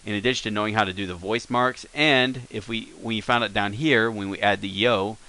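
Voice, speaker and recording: A man teaching a language lesson over a screen recording, relaxed and thinking aloud with fillers and self-corrections. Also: on the low side, brisk.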